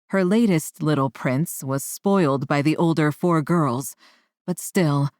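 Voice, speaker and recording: A woman narrating a romance audiobook in a low, unhurried voice. Her reading is measured and steady. The recording is dry and close, with no room sound. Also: no echo. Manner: measured, voices characters with higher pitch. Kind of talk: scripted first-person narration.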